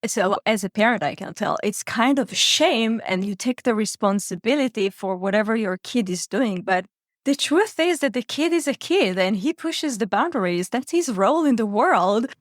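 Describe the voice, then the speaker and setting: A woman's voice: fairly high pitch, expressive, normal speed, no room sound, clean studio sound. Appreciative woman podcast host. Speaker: parent coach host. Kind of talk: podcast interview.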